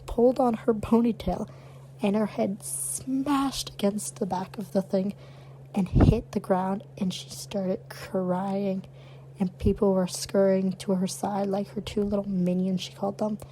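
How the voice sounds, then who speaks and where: A woman's voice: medium pitch, unhurried, background noise. A young adult woman co-hosting a podcast, telling stories bluntly in casual chat. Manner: animated, blunt storyteller. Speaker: podcast co-host.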